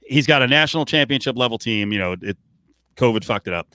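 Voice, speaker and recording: A man co-hosts a casual sports podcast, his voice bright and forceful. He rambles with restarts and fillers and swears freely. The sound is close and dry, with no room around it. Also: medium pitch, lively intonation, fast talker, no echo. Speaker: podcast co-host.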